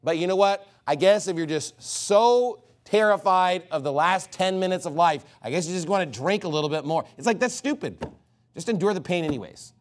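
A man's voice: high-pitched, lively intonation, fairly quick. A man in his thirties preaching a fiery sermon, emphatic, with sudden swings in volume and pace. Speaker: pastor.

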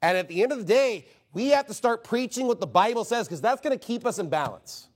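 A man's voice: high voice, lively intonation, fairly quick. A man delivers a sermon from the pulpit. He is emphatic and rhetorical, firing questions at the congregation and mocking objections in quoted voices. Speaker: pastor.

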